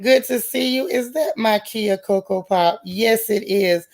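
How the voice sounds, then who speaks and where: Speaking a little slowly with vocal fry in a mid-range voice, this livestream host keeps things relaxed and folksy. She chats casually, uses easygoing slang, and welcomes every viewer by name with an affectionate nickname.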